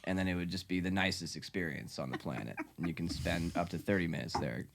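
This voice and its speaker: A man with a very deep, low voice, telling a rambling anecdote in a dry, deadpan way. His delivery stays flat and unhurried. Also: vocal fry, a little hiss or hum. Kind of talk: casual chat.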